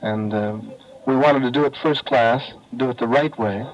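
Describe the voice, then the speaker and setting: A man answering in a radio interview, friendly and hesitant with many pauses. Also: mid-range voice. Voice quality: warm, hesitant with many fillers. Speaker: interview guest. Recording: dull old radio with faint noise.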